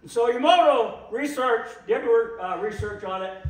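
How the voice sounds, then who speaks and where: A man giving an impassioned public talk, slow and emphatic, repeating phrases for weight. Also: very high voice. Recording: echoey room, voice from a distance.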